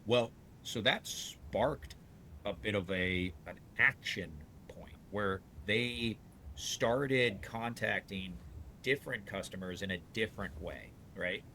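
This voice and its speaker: Brief: low-pitched male dealer, casual, blunt, animated storyteller, light background rumble. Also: slow. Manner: rambling, animated storyteller with frequent restarts; salty, blunt talk. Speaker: dealership owner.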